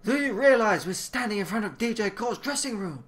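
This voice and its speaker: A man reading a comic aloud casually, switching quickly between the characters' lines. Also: sits high, animated, fairly bright tone. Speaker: comic reader. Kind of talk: casual comic readthrough with voices.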